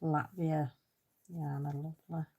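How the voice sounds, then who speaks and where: A woman's voice: deep voice, little pitch movement, measured pace, dark tone, breathy edge. A woman chatting casually during a colouring live stream, reading out and answering viewers' comments with easy, self-deprecating humour. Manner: self-deprecating, laughs easily. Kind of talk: casual chat while colouring.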